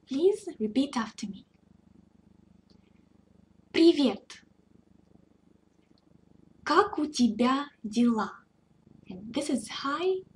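A woman tutor leads a beginner lesson at an unhurried pace. Her voice sits a little high. She speaks in a patient, deliberate way and repeats phrases for her students. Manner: patient, deliberate teaching with repetition. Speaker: Russian tutor. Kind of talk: language lesson.

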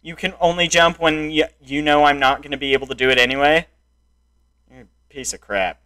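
A young man in raging gameplay commentary, frustrated, swinging between muttered complaints and loud shouts at the game. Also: a little high, fairly even intonation, brisk. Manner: frustrated, yelling and insulting the game. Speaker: gameplay streamer.

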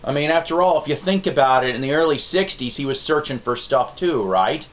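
A middle-aged man hosts a music review vlog, talking straight to his viewers in a folksy, rambling, self-deprecating way. His pitch sits in a typical middle range, and the recording is a little dull and lo-fi. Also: lively intonation, brisk. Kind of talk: casual rambling review chat. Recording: dull lo-fi sound.

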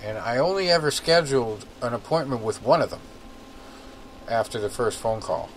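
A man's voice: medium pitch, lively intonation, normal speed, slight background noise, low-quality recording. A man co-hosting a podcast, telling stories in a rambling, casual way full of "like" and "uh". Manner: rambling, filler-heavy storytelling. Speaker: podcast co-host. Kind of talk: casual chat.

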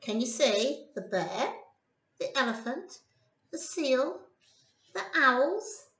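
A woman in a childcare setting reading a picture book to small children in a gentle, sing-song way. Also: high-pitched, very animated, slow pace, roomy sound, recorded from a distance. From England. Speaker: childcare storyteller.

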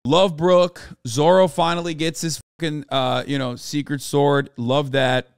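A man's voice: on the high side, level tone, unhurried, smooth, dry recording, studio quality. A man streamer in a casual, profane rant, talking emphatically and sounding exasperated.

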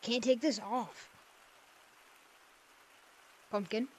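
A woman's voice: on the high side, steady tone, drawn-out words, warm tone, a little hiss or hum. A woman giving playful, silly gameplay commentary into a headset mic, swinging from mumbled asides to squeals. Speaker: gaming video creator.

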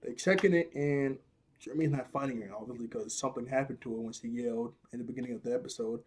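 A young man talks through a cartoon episode in a loose, slangy recap. He gets animated and breaks into laughter often as he retells the scenes. His voice sits at an ordinary middle pitch. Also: quick pace, husky. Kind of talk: casual recap and commentary.

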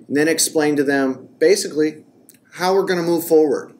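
A man co-hosting a faith and parenting podcast, talking in a lively, casual way and laughing easily. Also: a little high, a little hiss or hum. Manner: energetic, quick to laugh.

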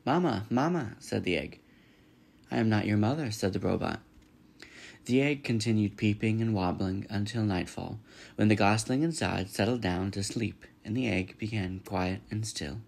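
A man reading a children's novel aloud in a steady storytelling manner, with a gravelly voice. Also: fairly low pitch, moderate pace. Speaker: reader.

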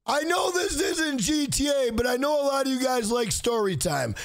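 A man, hosting an exasperated storytime vlog about a bad fast-food visit. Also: extremely high pitch, animated. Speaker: channel host.

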